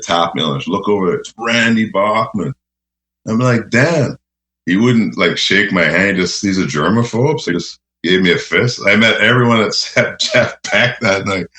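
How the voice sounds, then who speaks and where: A man's voice: low voice, pushed and bright. A man telling rambling, laughing anecdotes in a casual interview. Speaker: radio host guest. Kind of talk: casual storytelling.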